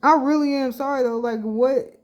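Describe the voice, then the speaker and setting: A woman's voice: high voice, fairly even intonation, moderate pace, a little mellow, highs cut off. A woman vlogging casually as she reads social media posts aloud and reacts bluntly, with plenty of slang and swearing. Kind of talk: casual reaction vlog, reading comments aloud.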